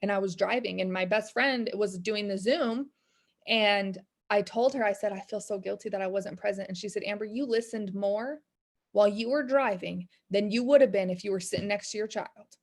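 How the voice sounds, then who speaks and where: A woman's voice: medium pitch, moderate pace. A woman in her thirties, a business coach, talking candidly and rambling about faith and discouragement. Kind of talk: casual motivational talk. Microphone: video call.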